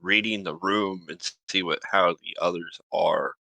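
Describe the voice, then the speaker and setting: Deep slow guy answering the gm, bright tone, dry sound. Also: fairly even intonation, gravelly, no echo, low-quality recording. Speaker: player. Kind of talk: tabletop game play.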